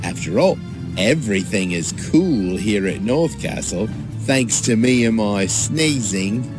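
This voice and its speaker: A man's voice: fairly low pitch, animated, a little slow. A man voicing a playful, sneezy young creature who tells corny jokes, in a children's church show. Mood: jokey. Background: music.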